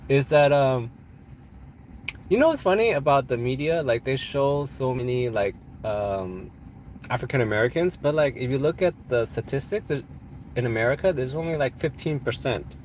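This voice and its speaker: With a medium-pitched, expressive and slightly mellow voice, a man from California answers chat questions during a casual livestream at a moderate pace. He rambles and jokes, laughing frequently, and sounds congested from allergies. Slight background noise is present.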